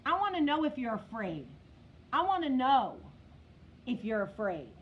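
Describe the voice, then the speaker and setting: A woman's voice: high-pitched, big pitch swings, moderate pace, dull audio. A middle-aged woman with a New Jersey accent hosting a casual live stream, blunt and profane, talking straight to commenters by name. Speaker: vlog host.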